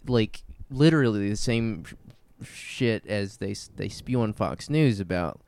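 A man in a casual chat, animated, agreeing often and laughing readily. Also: lowish voice, unhurried, creaky.

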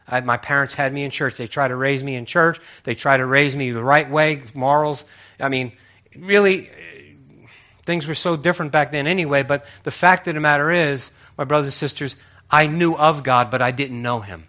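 A pastor preaches a sermon in a medium-pitched voice at normal speed. He tells the story with lively, acted-out character voices and repeats words often.

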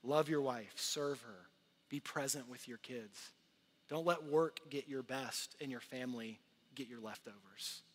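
A man in his thirties preaching a sermon to his church in a conversational, earnest way, swinging from loud to hushed. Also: mid-range voice, unhurried. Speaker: pastor. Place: large church hall. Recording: long hall reverb.

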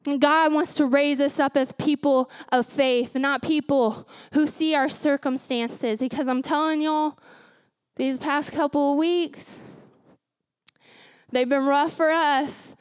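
Brief: young woman preacher, high voice, dry close sound, emphatic repeats. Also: fairly even intonation, slow, no echo. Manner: emphatic, repeats key phrases, laughs at herself. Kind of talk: sermon.

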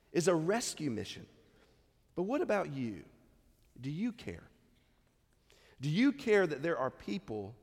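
Male pastor, lively, slightly high voice, conversational preaching in a long-reverb church hall. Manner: conversational preaching with rhetorical questions. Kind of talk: sermon.

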